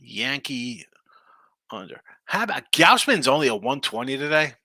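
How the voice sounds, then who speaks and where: A man's voice: on the high side, very animated, brisk, sharp tone, dry recording. A man hosting a sports betting live stream, rambling and thinking aloud in casual chat. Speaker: sports betting show host.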